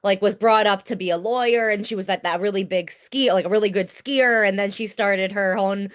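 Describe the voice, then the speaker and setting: A woman's voice: mid-range voice, brisk. A woman hosting a podcast, talking casually and reflectively, with many filler likes. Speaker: podcast host.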